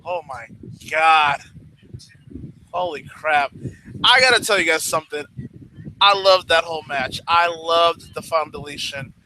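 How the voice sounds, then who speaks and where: A young man hosting a casual livestream, talking bluntly with lots of swearing. He rants hard and gets excited when talking about things he likes. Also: fairly high pitch, moderate pace, a little hiss or hum, poor audio. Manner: blunt, profane, ranting; excitable fan enthusiasm. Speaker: livestream host.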